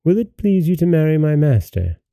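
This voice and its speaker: A man voicing a courteous, dutiful young male envoy in a storybook reading, in his own dark, creaky voice. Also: on the high side, sing-song, fairly quick, dry recording, pitched above the performer's own voice. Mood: earnest.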